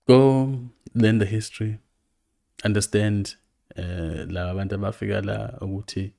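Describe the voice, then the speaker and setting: Deep, slow man. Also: gravelly, dark tone. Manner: reflective, hesitant, many fillers. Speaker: commentator host. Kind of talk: casual commentary, switching between languages.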